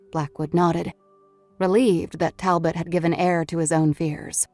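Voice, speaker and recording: A woman's voice: fairly low pitch, flat delivery, unhurried, darkish tone, dry recording, faint music behind. A woman reading a horror novel aloud as an audiobook narrator, in a scripted storytelling manner.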